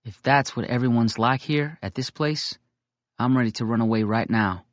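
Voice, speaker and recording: A man reading a novel aloud in first person, with steady, measured storytelling. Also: medium pitch, no room sound, muffled recording. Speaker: audiobook reader.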